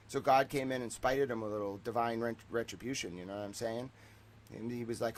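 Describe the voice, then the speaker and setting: A man streamer rambles through a long monologue, excitable and digressive. His voice sits at a middling pitch and swings from loud outbursts to low mutters. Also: fairly quick. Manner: excitable, digressive, shifts between loud and mumbled. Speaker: streamer host.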